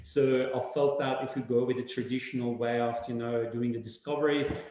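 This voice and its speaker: A man's voice: mid-range voice, fairly quick, slight background noise. Echoey, rambling man. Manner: animated, rambling with many fillers and restarts. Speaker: webinar speaker. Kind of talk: casual presentation talk. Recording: very echoey room.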